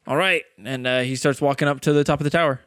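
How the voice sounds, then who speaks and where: A man's voice: mid-range voice, fairly even intonation, fast talker, a bit bright, dry recording, clean studio sound. A man running a tabletop game as game master, narrating casually with loose, rambling phrasing. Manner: loose, casual, full of fillers and restarts.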